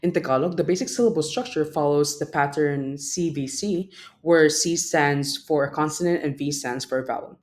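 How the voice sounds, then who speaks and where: A man's voice: fairly high pitch, normal speed. A young man, a student presenter, reading a prepared class presentation and stopping to sound out example words. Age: young adult.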